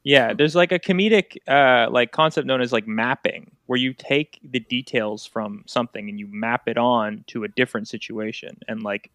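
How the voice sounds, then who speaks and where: A man's voice: mid-range voice, normal speed, few pauses, fairly bright tone, no room sound. A man guesting on a podcast, explaining ideas in a thoughtful way. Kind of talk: casual podcast chat.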